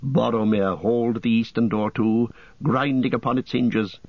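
A man reading an audiobook in a steady, measured narration. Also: medium pitch, dry recording. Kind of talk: scripted narration. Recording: dull lo-fi cassette.

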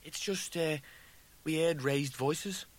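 A man's voice: on the high side, slow, voice pushed up. A man voicing an easygoing young male crewman who talks hesitantly, hedging with fillers. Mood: awkward.

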